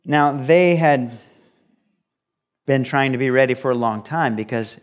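A man's voice: medium pitch, a little slow, clear, resonant tone. A man preaching a conversational sermon, explaining scripture with rhetorical questions and acted-out quotes. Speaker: pastor. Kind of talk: expository sermon.

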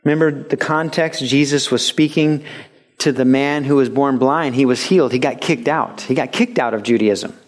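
A man preaching a sermon as a pastor, animated and joking, sometimes putting on voices for the people he quotes. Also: mid-range voice, moderate pace.

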